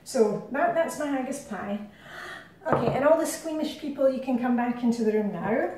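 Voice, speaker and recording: A woman's voice: on the high side, normal speed, a little mellow. Chatty Scottish woman in an echoey kitchen. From Scotland. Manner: chatty, rambling, self-deprecating asides. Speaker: cooking vlogger. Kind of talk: casual cooking demonstration. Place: home kitchen. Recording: very echoey kitchen, distant mic.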